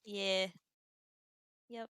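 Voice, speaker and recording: A young woman playing a tabletop game, thinking aloud with many fillers and quick apologies. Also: mid-range voice, level tone, crowd noise. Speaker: player. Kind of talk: casual tabletop game chat.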